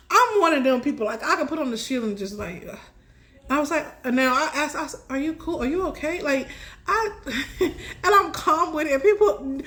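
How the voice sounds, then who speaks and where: High-voiced chatty woman telling a story. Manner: chatty, laughing often, rising high when excited. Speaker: tarot reader telling a personal story. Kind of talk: casual storytelling.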